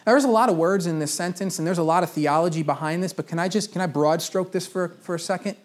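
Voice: medium pitch, fast talker, few pauses. A pastor preaching a sermon in a conversational way, repeating key phrases for emphasis.

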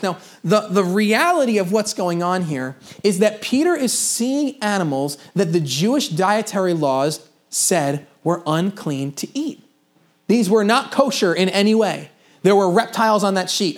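Man preaching a casual, joking sermon. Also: high-pitched. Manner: casual storytelling with self-deprecating humor and asides. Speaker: pastor.

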